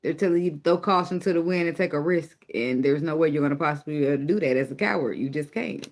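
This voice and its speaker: A man's voice: fairly high pitch, fast talker, few pauses, a little hiss or hum. A man giving a casual spoken tarot reading, blunt and profane, teasing and laughing often as he goes. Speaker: tarot reader.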